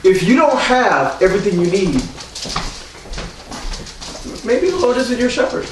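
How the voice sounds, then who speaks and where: A man preaching a sermon as pastor, leading the congregation in call-and-response and rising at times to shouts. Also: sits high, big pitch swings, a little slow, very echoey, far from the mic, noisy background.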